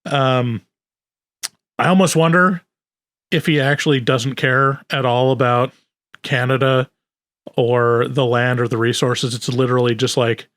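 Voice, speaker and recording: Casual podcast co-host, dry close sound. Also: male voice, medium pitch, steady tone, a little slow, pauses often, a bit bright, no echo. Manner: loose, filler-heavy, joking.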